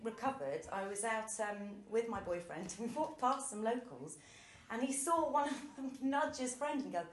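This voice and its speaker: Animated woman comic, lively pitch. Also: normal speed. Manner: self-deprecating, animated, laughing through her story. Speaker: stand-up comedian. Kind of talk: live storytelling comedy set. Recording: roomy live venue.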